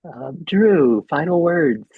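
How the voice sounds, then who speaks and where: Husky man guiding a reflective group. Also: a little high, lively intonation, slow, no room sound, phone-quality sound. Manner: gentle, inviting questions. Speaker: group facilitator. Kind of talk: guided reflective facilitation. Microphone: video call.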